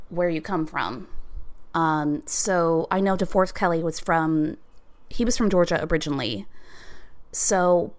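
A woman chatting casually on a podcast, animated and talkative with many fillers. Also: lowish voice.

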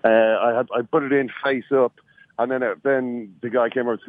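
A man's voice: mid-range voice, steady tone, fairly quick, no echo. A man with an Irish accent calling in from an airport, telling a story with wry self-mockery over the phone. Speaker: podcast regular calling in from an airport. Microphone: phone line. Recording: tinny phone line.

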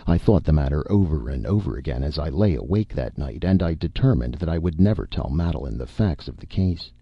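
Male audiobook narrator, very low, gravelly and husky, expressive; slightly dull recording. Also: dry recording. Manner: expressive, melodramatic first-person reading. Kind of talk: storybook narration.

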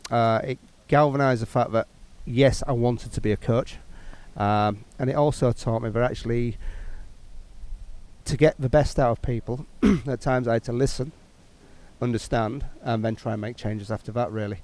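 A man's voice: medium pitch, steady tone, moderate pace, a little mellow. A middle-aged man, a cricket coach, reflecting on his career in a casual interview. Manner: reflective, storytelling.

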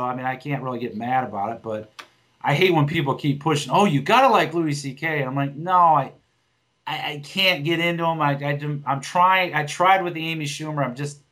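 Blunt rambling comic man, higher voice. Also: a bit bright. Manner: rambling, blunt, swears often, many restarts. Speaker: podcast co-host, stand-up comic. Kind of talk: casual podcast chat.

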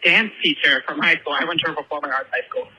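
Rambling high-voiced young man on voicemail. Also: quick pace, a crowd in the background, poor audio. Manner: rambling, full of ums and likes. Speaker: caller leaving a voicemail.

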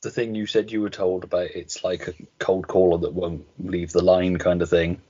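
Low husky guy on a dull video call, candid podcast chat. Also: level tone, moderate pace, mellow. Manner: candid, swearing, laughing through stories. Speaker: podcast co-host.

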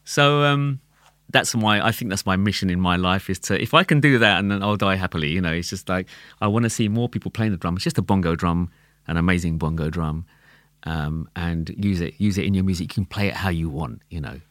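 A man with a London accent, a tabla player talking as a guest in a casual conversation, animated and quick to laugh, often repeating words as he thinks. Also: deep voice, no echo.

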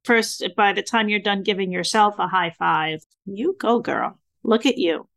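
Woman, 60s, podcast host; lively storyteller, average pitch. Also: moderate pace. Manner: animated storyteller acting out her own reactions. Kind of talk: casual interview chat.

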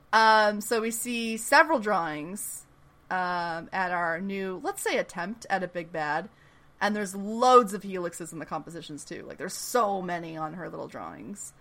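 A woman co-hosting a casual podcast, recapping a TV episode with lots of laughter and playful voices for the characters. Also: medium pitch. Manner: animated, laughs often, acts out characters' lines. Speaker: podcast co-host recapping a TV show. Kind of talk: casual chat.

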